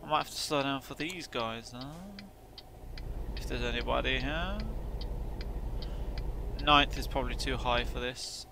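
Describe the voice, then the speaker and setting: A man talks his way through a driving game in a loose, rambling style, tossing in the odd swear word. His voice sits at an ordinary middle pitch. A steady rumble of engine and road noise runs clearly under everything he says. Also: a little slow, pauses often. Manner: chatty, rambling, swears offhandedly. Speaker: gameplay video host. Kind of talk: casual gameplay commentary. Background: truck driving game sounds.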